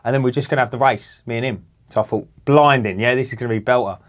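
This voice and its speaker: A man, co-hosting a podcast and telling a long story in a lively, sweary way. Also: medium pitch, fast. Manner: animated, swearing, acts out other people's voices. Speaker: podcast co-host. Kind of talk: casual storytelling.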